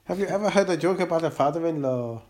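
Teasing man with a lively voice. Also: a little high, fast talker. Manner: teasing, laughs often. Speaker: podcast co-host. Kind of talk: casual banter.

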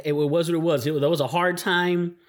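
A man's voice: a little high, a little fast. A man co-hosting a podcast, chatting casually and rambling with frequent laughter. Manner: laughs often, animated rambling. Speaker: podcast co-host. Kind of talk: casual chat.

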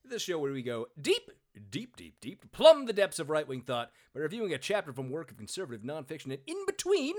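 A man's voice: a little high, huge pitch swings, quick pace, hardly any pauses. A man co-hosting a podcast in casual, jokey chat, laughing often. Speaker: podcast co-host.

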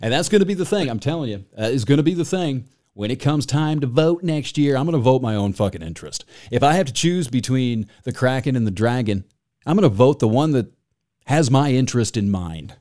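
A man's voice: mid-range voice, animated, fairly quick, dark tone. A man hosting a podcast, telling stories and ranting in crude, joking banter. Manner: profane, ranting, jokey. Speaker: podcast host. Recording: faint music bed behind.

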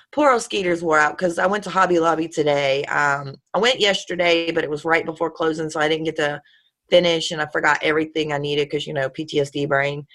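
A woman's voice: low voice, brisk, fairly bright tone. A woman hosting a casual online chat, rambling and profane and laughing often. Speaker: host. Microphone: online call.

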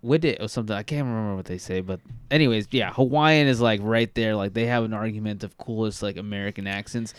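Rambling, swearing man with smooth voice. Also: lowish voice, fast, no echo. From California. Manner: rambling, swearing, many fillers and restarts. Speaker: podcast co-host. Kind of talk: casual chat.

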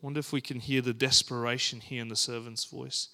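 A man preaching a sermon and reading scripture aloud, earnest and deliberate, with dramatic pauses and emphatic rises. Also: medium pitch, level tone, pushed and bright.

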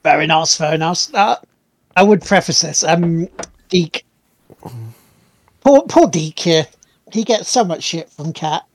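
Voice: medium pitch, measured pace, long pauses. A co-host of a live-streamed podcast, teasing the other host and laughing often in casual banter.

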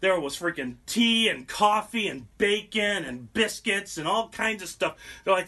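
Young male host, high, bright voice, profane and mocking comic storyteller. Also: big pitch swings, normal speed, few pauses. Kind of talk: casual comic history storytelling.

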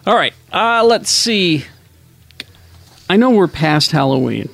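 A man hosting a casual chat show, playful and halting, telling a story in a hushed spooky way. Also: high-pitched, lively intonation, gravelly. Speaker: podcast host.

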